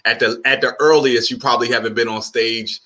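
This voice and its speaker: A man hosting a casual chat with fellow comedians over a video call, lively and restarting his words as he talks. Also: mid-range voice, brisk. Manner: lively, repeats words when starting. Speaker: host comedian.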